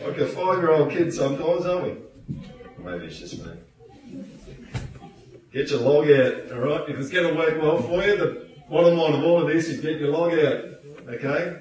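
A male preacher delivers a lively sermon, his voice bouncing around a large echoey hall. He sounds set back from the microphone. He slips into playful put-on voices to act out what people say. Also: on the high side, a little fast. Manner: animated, playful, acts out quotes with voices. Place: church hall. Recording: echoey hall, distant mic.

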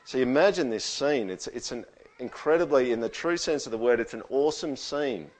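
A man preaching a sermon to a congregation in a conversational style, turning animated as he acts out quotes. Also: medium pitch, a little fast. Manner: conversational, animated when quoting. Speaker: pastor.

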